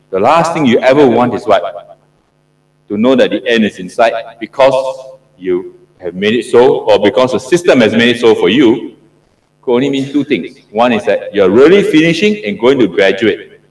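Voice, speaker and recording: A man's voice: mid-range voice, recorded from a distance. A middle-aged man from Singapore giving an interactive classroom lecture as a professor, often asking the audience questions and repeating himself for emphasis. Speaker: professor lecturing on PhD supervision. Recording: roomy lecture hall echo.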